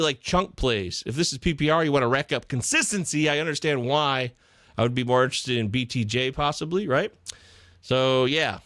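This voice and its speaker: A man hosting a live fantasy football chat in a jokey, excitable way, jumping from loud bursts to muttered asides. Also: on the high side, dry recording, studio quality. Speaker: podcast host.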